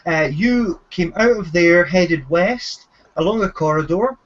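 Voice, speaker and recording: A man runs a tabletop game as game master, his voice a bit higher than most men's. He narrates haltingly, often restarting words. The sound is dull and lo-fi. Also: animated. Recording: dull lo-fi recording.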